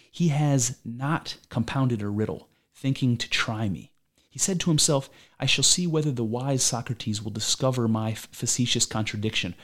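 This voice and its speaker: Older male philosopher on trial, man reading, argumentative and probing, mid-pitched, amateur read. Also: natural voice. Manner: argumentative, probing rhetorical questions. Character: aging male philosopher defending himself in court.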